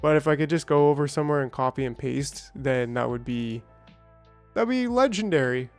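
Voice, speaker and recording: A man's voice: mid-range voice, moderate pace, smooth, soft background music. A man casually rambling through a game stream, reading patch notes and greeting chat viewers by name. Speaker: gaming streamer. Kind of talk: casual let's-play commentary.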